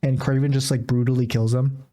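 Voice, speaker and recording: A man's voice: mid-range voice, flat delivery, a little fast, dark tone. A man co-hosting a casual movie review podcast, telling the story in a rambling way with lots of fillers. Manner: rambling, filler-heavy storytelling with frequent laughs. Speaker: podcast co-host.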